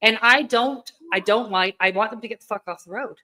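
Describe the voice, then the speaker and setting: A woman's voice: on the high side, a little fast, sharp tone. A Canadian woman co-hosting a live stream, chatting casually, blunt and profane. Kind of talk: casual chat.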